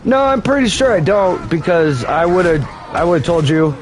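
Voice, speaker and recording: A man doing a scornful farmer uncle who ranks everyone out. The voice sits a little high and rants on and on in mockery. A faint hiss hangs under it. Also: big pitch swings, a little slow. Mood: sarcastic. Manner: taunting, scornful, rambling rants. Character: sarcastic mocking farmer uncle, grown man.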